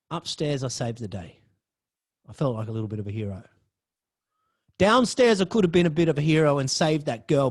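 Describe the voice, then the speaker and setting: A young man tells a story alone on his podcast, and his voice sits noticeably high for a man. He swears casually and keeps shifting between hushed mutters and loud, excitable outbursts. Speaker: podcast host. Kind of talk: storytelling monologue.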